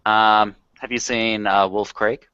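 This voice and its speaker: A man's voice: lowish voice, level tone, slow. A man with an Australian accent, joking and laughing in a casual group chat. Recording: dull lo-fi voice chat audio with faint noise.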